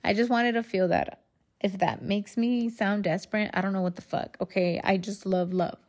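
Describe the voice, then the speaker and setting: A woman's voice: medium pitch, fairly even intonation, normal speed, darkish tone. Candid, cussing woman podcast host. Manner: candid, rambling, swears freely; addresses listeners as y'all. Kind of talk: casual solo podcast monologue.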